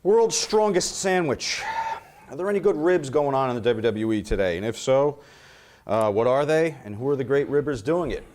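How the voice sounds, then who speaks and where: A man's voice: mid-range voice, animated, brisk, a little mellow. A man hosting a shoot interview, reading fan questions aloud in a brash, profane, mock-dramatic way.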